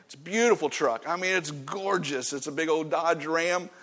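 A man preaches to his congregation in a fairly high voice. He is emphatic and folksy. His delivery swings between loud, driving points and quiet, stern asides. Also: normal speed. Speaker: pastor. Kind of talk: sermon. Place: church.

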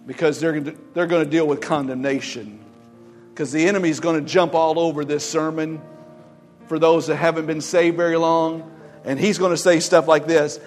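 A male pastor preaching a sermon in an emphatic, exhorting way, with soft music behind. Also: a little high.

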